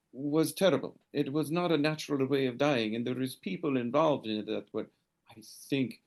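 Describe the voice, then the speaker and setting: A man voicing an earnest foreign woman who searches for her lost brother, speaking broken English with many pauses. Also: mid-range voice, a little mellow. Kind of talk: game master voicing a character.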